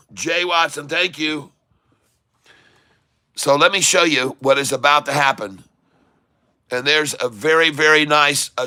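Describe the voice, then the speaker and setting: A man from Michigan chatting on his live stream, eagerly calling out where his viewers are. His voice is bright, forceful and smooth, sitting a little high for a man. The sound is close and dry. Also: no room sound. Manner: excitable, reading out viewer shout-outs. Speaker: livestream host. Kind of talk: casual livestream chat.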